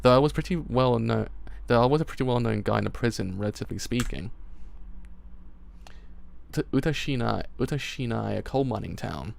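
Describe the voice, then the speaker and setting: A man's voice: medium pitch, expressive, brisk, vocal fry. A man with a British accent reading manga dialogue aloud as a live reaction, stumbling over words and breaking into swearing and laughter.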